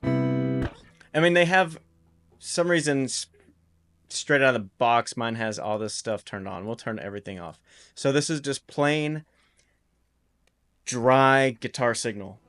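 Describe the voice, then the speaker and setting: A man giving a casual home-studio guitar recording tutorial in a relaxed, explanatory way, with loose restarts. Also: mid-range voice, unhurried, pauses often.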